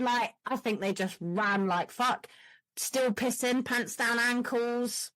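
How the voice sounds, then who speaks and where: A woman who hosts a podcast and tells stories in a casual, animated and profane way, laughing as she goes. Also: on the high side, slow, dry recording. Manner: animated storyteller, frequent laughs, swearing. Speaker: podcast host. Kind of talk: casual chat.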